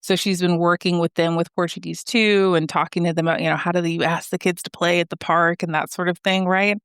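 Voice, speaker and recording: Woman from the US, thirties, chatty podcast guest, lots of fillers, clear smooth voice, dry close sound. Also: fairly low pitch, fairly quick, no echo. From United States. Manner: chatty, animated, many fillers like "like" and "you know". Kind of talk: conversational interview.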